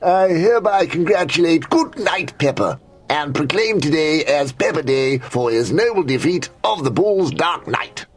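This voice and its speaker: Jolly medieval game king; pompous, old-fashioned, very animated delivery. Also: on the high side, measured pace, hardly any pauses, slightly rough, faint music behind. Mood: proclaiming. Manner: grand, old-fashioned proclamations.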